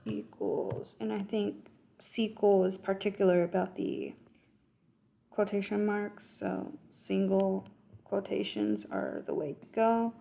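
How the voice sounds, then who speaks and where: Speaking slowly and steadily, a coding tutor with a gravelly, dark, mid-range voice narrates her thought process through a coding exercise. She corrects herself along the way and murmurs code as she types, captured as a screen-recorded walkthrough.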